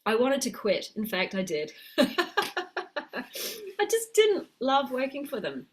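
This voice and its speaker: An encouraging middle-aged woman coaches viewers live over a webcam microphone. Her voice sits a little high, and she reads comments and answers them in a gentle, supportive way. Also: huge pitch swings, takes it slowly. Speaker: health coach. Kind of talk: live-streamed coaching talk. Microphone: webcam mic on a video call.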